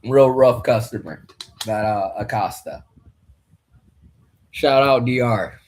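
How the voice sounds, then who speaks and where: A man's voice: mid-range voice, takes it slowly, darkish tone. A young man hosting a casual fight commentary, rambling loosely and swearing now and then. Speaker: podcast host commentating a fight card.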